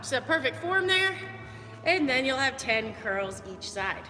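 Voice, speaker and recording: A woman's voice: high voice, very animated, unhurried, pushed and bright, big-room sound, soft background music. A woman fitness coach giving upbeat, chatty movement cues during a live workout.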